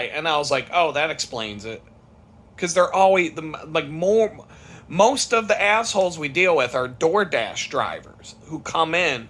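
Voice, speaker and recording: A man's voice: a little high, expressive, slow pace, fairly bright tone. A man rambling through a casual, profane story about his day at work, full of restarts and swearing. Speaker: podcast host.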